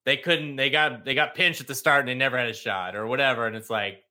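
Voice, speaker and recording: A man hosting a casual podcast chat with a bright tone. He rambles a little, full of fillers and restarts. His pitch sits in the middle. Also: steady tone, fast. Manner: loose, rambling with many fillers. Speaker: podcast host.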